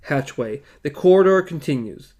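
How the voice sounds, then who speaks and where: A man co-hosting a book podcast, reading novel passages aloud in a relaxed way. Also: fairly high pitch, moderate pace. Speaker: podcast co-host.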